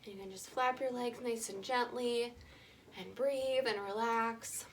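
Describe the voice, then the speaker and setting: Young woman, kids' yoga teacher, higher voice, encouraging, simple words. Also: fairly even intonation, unhurried, a little hiss or hum. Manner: playful, encouraging, speaks simply to children. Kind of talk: guided kids' yoga lesson.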